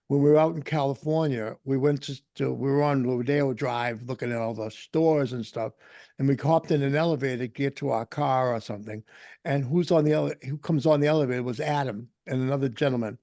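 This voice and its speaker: A middle-aged man with a New England accent, a podcast host telling rambling, animated anecdotes in casual chat. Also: mid-range voice, brisk, no echo, clean studio sound.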